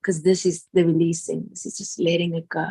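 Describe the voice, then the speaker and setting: An earnest woman with a fairly low voice, speaking with deep feeling as she shares a personal story. She repeats her phrases, lets out soft laughs, and often sinks into a hushed, gentle tone. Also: little pitch movement, brisk, gravelly, breathy edge. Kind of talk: emotional personal testimony.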